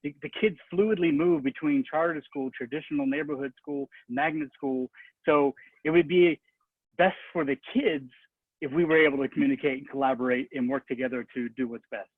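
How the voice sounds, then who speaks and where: A man's voice: a little high, no room sound. Man on a tinny, dry connection. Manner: casual, conversational, searching for words. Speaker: school board candidate. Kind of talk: candidate forum answer. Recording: tinny phone-like audio.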